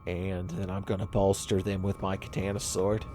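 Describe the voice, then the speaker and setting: A man's voice: low voice, level tone, moderate pace, mellow, faint music behind. A man hosting a let's play, giving profane, sarcastic gameplay commentary and laughing at his own jokes.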